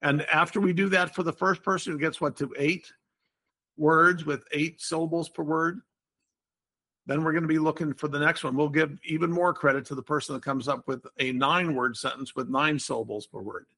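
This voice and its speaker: A man's voice: on the high side, fairly even intonation, a little fast, sharp tone. An older man hosting a casual podcast chat, explaining word games in a playful, wordy way. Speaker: podcast host.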